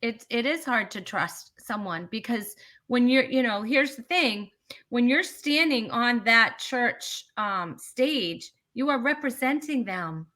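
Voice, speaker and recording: A woman's voice: fairly high pitch, lively intonation, slow pace, a bit bright. A woman comedian talking as a guest in a casual interview, chatty and emphatic, with frequent restarts.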